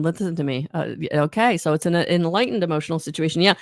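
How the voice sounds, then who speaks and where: A woman's voice: deep voice, fast talker, no echo, studio quality. A woman giving a live oracle card reading, rambling and encouraging, often correcting herself mid-sentence. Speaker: intuitive card reader.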